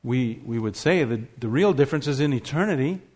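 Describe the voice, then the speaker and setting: A man's voice: mid-range voice, animated, fairly quick, darkish tone, breathy edge. A man preaching a sermon, emphatic, asking rhetorical questions and stressing key words.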